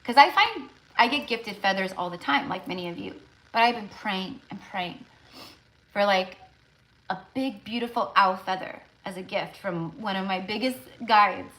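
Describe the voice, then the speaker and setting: A woman's voice: medium pitch, moderate pace, fairly bright tone. A woman tarot reader talking casually on a live stream, rambling and emotional, with lots of fillers.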